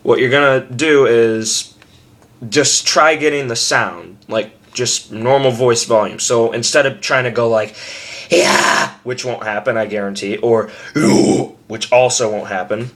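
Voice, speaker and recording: A man's voice: mid-range voice, normal speed, fairly bright tone. Young man, casual vocal tutorial, rambling, profane, self-mocking, home camera mic. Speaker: screaming tutor.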